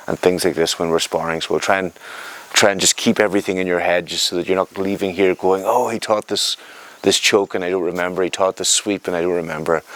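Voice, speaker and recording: A man teaching a jiu-jitsu class, explaining moves while he demonstrates them on a partner and often repeating words as he goes. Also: low voice. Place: training mat, indoors.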